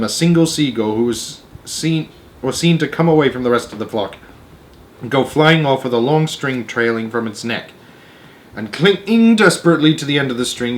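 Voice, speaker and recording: A man reading a children's book aloud as storyteller, expressive with varied pacing. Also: mid-range voice.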